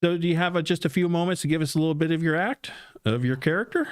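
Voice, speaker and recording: Smooth-voiced podcast host man. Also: a little high, fast, dry recording, clean studio sound. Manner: friendly, eager fan questions. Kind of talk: casual interview.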